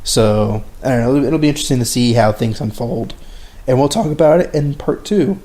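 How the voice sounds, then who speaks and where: Mellow-voiced man chatting about movies. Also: medium pitch, fairly quick. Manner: rambling, chuckling, full of fillers and restarts. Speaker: podcast co-host. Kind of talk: casual chat about movies. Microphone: internet call.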